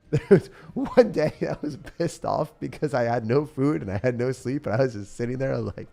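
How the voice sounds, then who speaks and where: A man's voice: lowish voice, normal speed, gravelly, dark tone, faint music behind. A young man streaming a mobile game, chatting casually and laid-back with viewers, saying dude and bro and laughing often. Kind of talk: casual live-stream chat.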